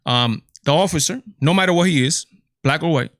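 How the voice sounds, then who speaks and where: A man's voice: a little high, fairly quick, a bit bright, dry recording, studio quality. A man with a Latino accent hosting a political commentary livestream, exasperated and incredulous, firing off rhetorical questions. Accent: Latino English. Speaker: show host.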